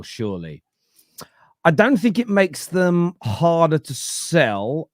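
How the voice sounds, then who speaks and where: A man in his thirties hosting a casual football chat, animated and laughing often, repeating words for emphasis. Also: mid-range voice, dry recording, studio quality. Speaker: football podcast host. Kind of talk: casual live-stream chat reading comments.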